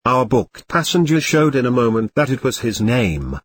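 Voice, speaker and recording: A man reading a classic novel aloud as an audiobook narrator, even reading punctuation and chapter numbers. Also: mid-range voice, normal speed, hardly any pauses, breathy edge, no echo.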